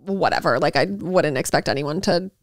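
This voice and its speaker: A young woman co-hosting a podcast, telling a story in casual chat with lots of filler words and animated retelling. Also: low voice, moderate pace, no echo, clean studio sound. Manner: chatty, animated storytelling with many "like" fillers and laughs. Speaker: podcast co-host.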